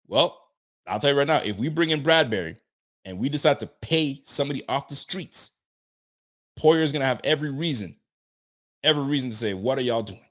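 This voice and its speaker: Slangy, animated male sports host. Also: medium pitch, fairly quick, long pauses. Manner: animated, slangy, talks straight to listeners. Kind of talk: casual sports talk with live chat.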